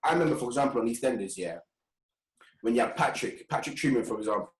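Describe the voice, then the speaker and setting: A young man co-hosting a podcast, relaxed and slangy, laughing easily in casual chat. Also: mid-range voice, quick pace. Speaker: podcast co-host. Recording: roomy echo.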